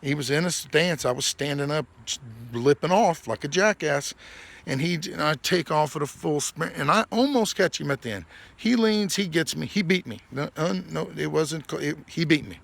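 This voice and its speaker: A man's voice: a little high, animated, moderate pace, gravelly, a bit bright. A man hosting his own podcast, telling a rambling, profane story and laughing through it. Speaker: podcast host. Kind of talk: casual storytelling monologue.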